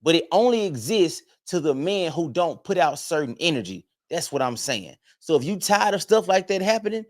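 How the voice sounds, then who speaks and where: Young guy preaching at his viewers, keeps repeating himself, slightly high voice. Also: very animated, normal speed, hardly any pauses. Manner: emphatic, preachy, addresses viewers as fellas and fam; repeats words and restarts often. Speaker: online commentator. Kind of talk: direct-to-camera opinion monologue.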